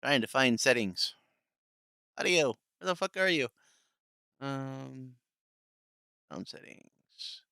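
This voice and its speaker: A man's voice: mid-range voice, expressive, slow, vocal fry, long pauses, sharp tone, clean tone, no room sound. A man streaming live, sarcastically mocking clips and swearing casually as he fiddles with settings.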